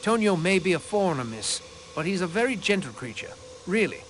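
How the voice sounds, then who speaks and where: An actor voicing a gentle, nervous train passenger who gets flustered and trails off mid-sentence, in a video game. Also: male voice, high voice, big pitch swings, a little fast, a little hiss or hum. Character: nervous, gentle man who shares a compartment and works with a friend.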